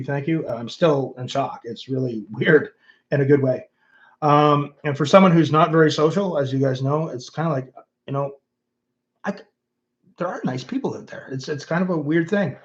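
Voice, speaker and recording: Man, Canadian accent, middle-aged, fairly high voice, rambling livestream chat, muffled lo-fi sound. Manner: musing, rambling, with many fillers. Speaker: host of his own channel. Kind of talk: casual livestream chat reading viewer comments.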